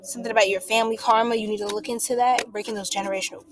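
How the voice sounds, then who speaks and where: A woman giving a casual live-stream astrology reading, chatty and exclamatory, with drawn-out fillers. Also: on the high side, level tone, noisy background. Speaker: astrology tarot reader. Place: home room by a window.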